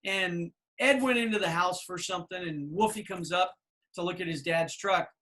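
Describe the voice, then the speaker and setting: A man in his fifties, a podcast co-host, telling anecdotes in a casual, animated way with plenty of fillers. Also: sits high, normal speed. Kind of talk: casual storytelling chat.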